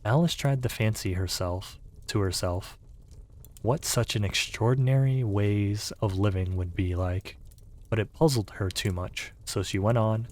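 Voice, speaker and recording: Calm male narrator, soft ASMR-style storybook reading, deepish voice. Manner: calm, unhurried.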